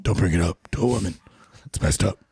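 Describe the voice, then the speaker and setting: A man doing a comedic impression of a gruff, brooding male superhero vigilante, growled slowly with a deep, gravelly rasp. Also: no echo, clean studio sound, full character voice. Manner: slow growling deadpan delivery. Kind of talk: comedic impression in a podcast game.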